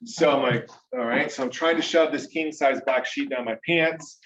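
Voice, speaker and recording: In a meeting room, a mastermind speaker tells a small group a story casually and animatedly, regularly checking in with "right?" and "okay?". His voice is medium-pitched and fairly bright at a moderate pace, with a little hiss or hum in a roomy, distant, dull-sounding recording.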